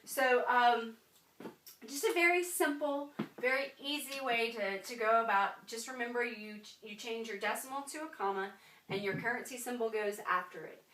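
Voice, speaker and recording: A woman's voice: on the high side, normal speed, a bit bright, distant mic, slight background noise. A woman teaching a French lesson in a chatty way, with frequent ums and check-ins of "right?". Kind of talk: classroom lesson. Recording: echoey room, voice from afar.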